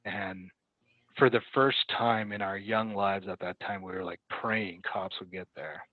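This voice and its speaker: A man telling a story in casual conversation as a podcast guest, halting and correcting himself as he goes, acting out what people said. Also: low voice, steady tone, no echo. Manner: halting, self-correcting retelling with quoted dialogue. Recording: dry, tinny phone-like line.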